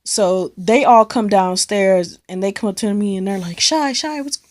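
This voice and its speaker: A woman's voice: medium pitch, fairly even intonation, normal speed, darkish tone. A young woman from Cleveland telling a rambling, slang-filled story in a casual vlog, swearing freely. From Cleveland, United States. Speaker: vlogger.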